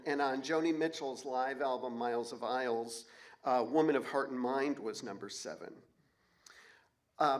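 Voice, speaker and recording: A man in his forties performing a personal story on stage, candid and wry, with blunt swearing. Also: mid-range voice. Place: auditorium stage.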